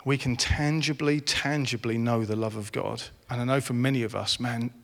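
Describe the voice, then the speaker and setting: A man's voice: mid-range voice, steady tone, normal speed, creaky. A man in his forties preaching a sermon, earnest and rising to impassioned. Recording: reverberant hall.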